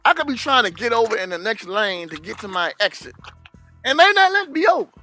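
A man chatting on a podcast who jumps into loud, profane impressions of angry drivers. His voice sits high and bright and swings widely in pitch, with faint music playing under the talk. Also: sing-song, fast talker. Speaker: podcast co-host. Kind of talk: casual chat.

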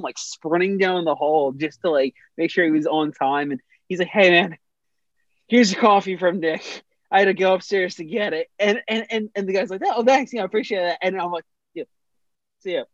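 A man's voice: high voice, no room sound, muffled recording. A young man casually telling a funny story on a podcast, rambling with many restarts and laughing as he goes.

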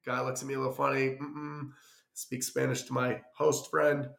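Gravelly man telling a rambling story. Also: mid-range voice, moderate pace. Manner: rambling, animated anecdote with acted-out quotes. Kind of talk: casual storytelling. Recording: roomy echo.

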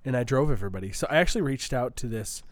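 A man's voice: mid-range voice, animated, rapid-fire, dry recording. Chatty Minnesotan man tasting soda. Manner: chatty, playful, laughs easily. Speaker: co-host. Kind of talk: casual chat tasting sodas.

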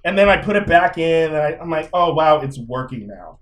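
A man's voice: fairly high pitch, sing-song, fairly quick, a bit bright. A man co-hosting a casual podcast chat, laid-back and slangy, with frequent swearing. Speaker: podcast co-host.

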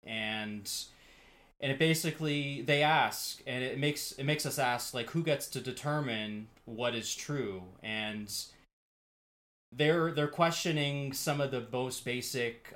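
A man co-hosting a casual podcast, explaining ideas in a measured way and often pausing on fillers while he searches for words. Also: mid-range voice, a bit bright. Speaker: podcast co-host.

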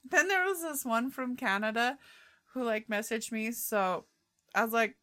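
A woman's voice: on the high side, normal speed. A woman hosting a podcast, telling stories in casual chat with frequent giggles. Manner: giggly, animated storytelling. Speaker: podcast host.

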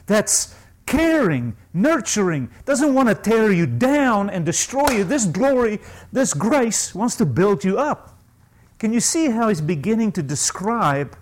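A man preaching a sermon, emphatic, asking his listeners questions and swinging from low asides to high, ringing stresses. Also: poor audio. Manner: asks the congregation questions.

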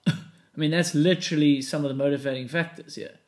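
A man with a South African accent hosts a podcast in loose, laughing conversation. He tells anecdotes with an easy, conversational flow. His voice sits a little high for a man. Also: fairly even intonation, a little fast. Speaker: podcast host. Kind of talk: casual chat.

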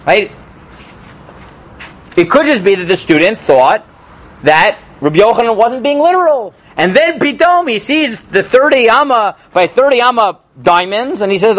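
A man teaching a Talmud class in a relaxed lecture style, often checking in with "right?" and "okay?", reading passages aloud and translating them. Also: high voice, moderate pace. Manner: animated, peppers talk with "right?" and "okay?"; reads and translates Hebrew and Aramaic text aloud. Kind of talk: informal lecture.

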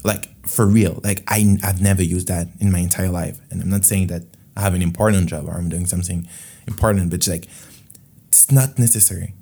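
Low, mellow man with a French accent. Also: steady tone, fairly quick, vocal fry, breathy edge. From France. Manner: rambling and candid, heavy with "like". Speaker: podcast host. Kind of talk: casual podcast monologue.

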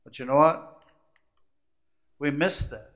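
A man preaching a sermon, shifting from hushed, confiding asides to rising, emphatic climaxes that stack short repeated phrases. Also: fairly high pitch, fairly even intonation, takes it slowly. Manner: repetitive, building lists of short phrases.

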